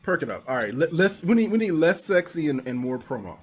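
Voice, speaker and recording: A man's voice: a little high, sing-song, brisk, a little hiss or hum. A man hosting a charity game stream, introducing guests with laughter and stumbling restarts. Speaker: stream host.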